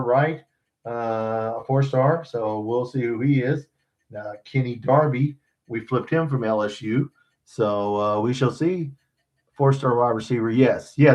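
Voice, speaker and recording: A man hosting a casual sports podcast, rambling and joking with profanity. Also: medium pitch. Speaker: podcast host.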